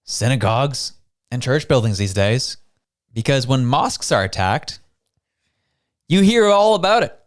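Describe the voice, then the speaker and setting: A man from Canada hosts a show and talks through the news in a loose, chatty style. He speaks at a middle pitch and keeps turning to rhetorical questions as he goes. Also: very animated, unhurried, long pauses. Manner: conversational, fond of rhetorical questions. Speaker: show host. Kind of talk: casual political news commentary.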